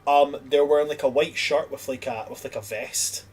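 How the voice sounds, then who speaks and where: Husky-voiced male game master. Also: a little high, fairly even intonation, moderate pace, distant mic. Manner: rambling, hesitant, many fillers. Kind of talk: narrating a tabletop game.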